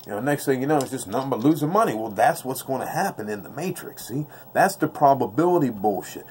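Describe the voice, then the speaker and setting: A man's voice: mid-range voice, animated, quick pace, hardly any pauses, a little mellow, a little hiss or hum. A man giving a casual, slangy dice-throwing tutorial in a blunt, intense way, repeating his points off camera. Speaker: craps dice-control instructor. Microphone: off-camera voice, face never shown.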